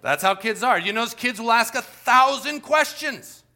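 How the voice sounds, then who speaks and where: A man preaching a sermon as pastor, talking straight to the congregation and telling lively stories. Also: extremely high pitch, normal speed.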